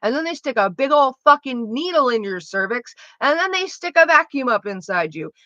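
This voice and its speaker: A woman's voice: high-pitched, sing-song, moderate pace, bright, forceful tone, dry recording, muffled recording. Blunt, profane young woman. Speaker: streamer. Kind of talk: candid casual chat.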